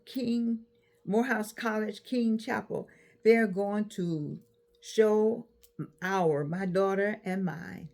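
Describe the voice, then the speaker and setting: A woman in her eighties talking casually to camera, giving advice with animated repeats and restarts. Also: on the low side. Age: 80s. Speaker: vlogger.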